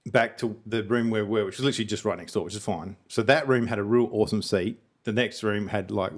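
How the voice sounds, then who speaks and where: Man, middle-aged, low voice, quick pace, casual storytelling, mimics others. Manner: animated storytelling, acts out other people's lines. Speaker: podcast co-host, father. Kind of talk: casual chat.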